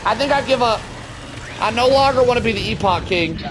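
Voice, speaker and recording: High-voiced joking streamer man, noisy. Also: fairly quick. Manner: joking, talks to chat, bursts into shouts. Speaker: game streamer. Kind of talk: casual gaming stream chat.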